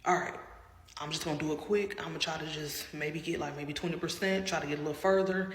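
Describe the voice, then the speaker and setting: A woman's voice: low voice, fairly even intonation, fast talker. A woman telling a personal story in a casual, dramatic way, often calling out to her viewers. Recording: roomy with long reverb and faint noise.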